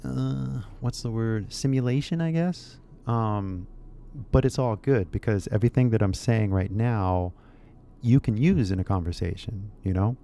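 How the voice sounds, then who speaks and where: A man from California with a Californian accent, musing in a relaxed, rambling way while giving an English lesson. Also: on the low side, vocal fry, a little hiss or hum. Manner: laid-back, musing, drawn-out phrases. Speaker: English teacher. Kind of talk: casual rambling video lesson.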